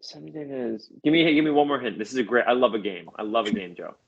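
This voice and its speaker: An enthusiastic man talks as a podcast guest, quick to laugh and full of energy. His voice sits at a middle pitch for a man. The sound is a little dull and lo-fi. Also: creaky, breathy edge. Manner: animated, laughs often, enthusiastic. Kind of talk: casual chat.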